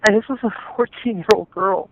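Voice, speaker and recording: A man telling his family's story in an interview, earnest and halting, often restarting his sentences. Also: sits high, creaky, background noise. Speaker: interview guest, stepfather. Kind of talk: emotional personal account. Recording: tinny phone-like call audio.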